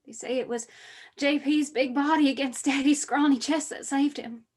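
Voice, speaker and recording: An actress playing the grieving adult daughter of a coal miner, speaking with a mournful, bitter tone. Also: female voice, high-pitched, steady tone, normal speed, lightly acted. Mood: sorrowful. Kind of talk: stage play monologue.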